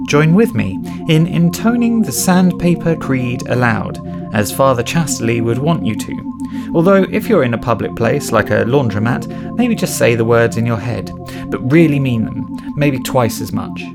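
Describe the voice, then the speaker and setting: A gravelly man hosts a comedy podcast in a grave, mock-ceremonial deadpan, sometimes slowing to a chant. Loud plucked guitar plays behind his voice throughout. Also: mid-range voice. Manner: solemn mock-ceremonial delivery, slow chanting of a creed. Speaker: podcast host. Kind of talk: deadpan scripted comedy monologue.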